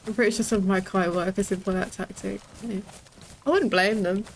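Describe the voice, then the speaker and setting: A woman's voice: medium pitch, steady tone, fairly quick, a little hiss or hum. A British woman in her thirties, chatting casually while streaming a game, swearing freely and laughing often. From Britain. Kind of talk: casual gaming stream chat.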